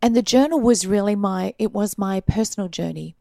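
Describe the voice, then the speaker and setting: Gravelly Australian woman telling stories. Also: medium pitch, brisk, dry recording. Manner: animated storyteller, laughs often, acts out quoted voices. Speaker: guest. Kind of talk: casual storytelling interview.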